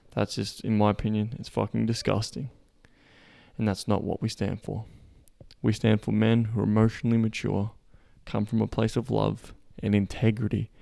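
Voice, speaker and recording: In a dry recording, this man's lowish voice comes across gravelly yet warm. He hosts a podcast and coaches men on dating, rambling casually with plenty of curses and false starts, his bluntness building into emphasis.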